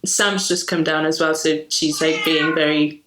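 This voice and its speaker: A woman's voice: low-pitched, steady tone, moderate pace, a bit bright. Hesitant young woman on a roomy call. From Poland. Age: 20s. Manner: hesitant, full of fillers like sort of and you know. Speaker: guest, illustrator. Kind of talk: casual interview chat. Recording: roomy home video call with faint noise.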